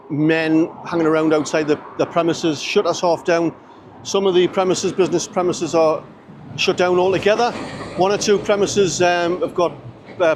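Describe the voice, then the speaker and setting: A man from northern England giving earnest walking commentary outdoors, speaking in measured phrases with pauses and restarts. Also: on the high side, darkish tone, a little hiss or hum. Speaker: vlogger. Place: outdoors on city streets.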